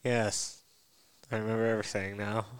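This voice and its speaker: A man's voice: on the low side, little pitch movement, moderate pace, clear, resonant tone. A man joking around as a player in a tabletop game. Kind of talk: casual tabletop game chat.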